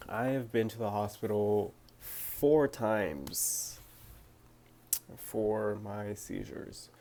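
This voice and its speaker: A man's voice: lowish voice, extremely slow, creaky, long pauses, dark tone. A young man answering viewer questions to his phone camera, talking hesitantly with lots of fillers and restarts. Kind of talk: casual talk to camera.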